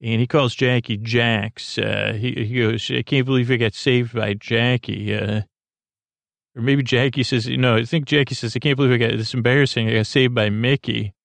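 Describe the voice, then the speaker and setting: A man hosting a bedtime podcast, retelling a TV episode in a meandering, halting way full of ums and restarts. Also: steady tone, gravelly, a bit bright, dry recording. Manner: low-key, unhurried. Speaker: podcast host.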